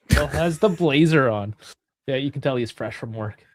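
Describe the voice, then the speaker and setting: A talkative man hosts a casual live stream, laughing easily between remarks. His voice sits at an ordinary middle pitch. The sound is dry and close, with no room echo. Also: lively intonation, takes it slowly. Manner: chatty, laughs often. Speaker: host.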